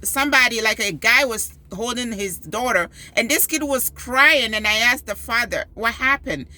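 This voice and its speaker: A woman and school parent telling a story with animated emphasis, giving advice in a personal video. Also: a little high, normal speed. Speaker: parent and PTO volunteer.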